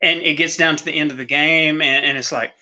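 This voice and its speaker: A man co-hosting a casual sports chat, earnest and halting, often restarting his sentences. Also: on the high side, steady tone, bright, forceful tone. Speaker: podcast co-host.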